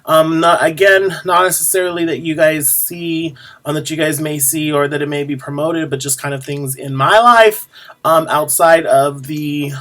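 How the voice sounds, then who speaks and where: A man's voice: on the high side, fairly even intonation, normal speed, pushed and bright. Chatty man vlogging, rambling and sassy. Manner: rambling, lots of ums and restarts. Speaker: drag performer vlogger. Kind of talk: casual chat to camera.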